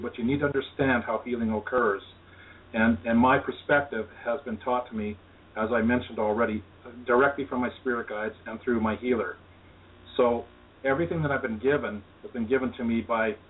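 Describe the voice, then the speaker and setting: A man, an energy healer, telling his personal story in an earnest, reflective way as an interview guest. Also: medium pitch. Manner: earnest, reflective, talks of spirituality. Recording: tinny phone line, distant, faint hiss.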